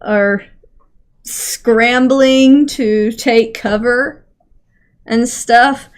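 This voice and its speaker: A woman's voice: on the high side, steady tone, very slow, clean tone. A woman running a tabletop game as game master, narrating in a casual, giggly, rambling way.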